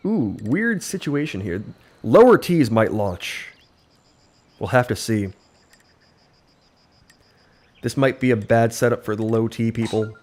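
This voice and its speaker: A man giving upbeat, excitable live play-by-play commentary on his own gaming stream, his voice a little worn. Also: on the low side, moderate pace. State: voice slightly worn. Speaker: livestreamer. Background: faint game music.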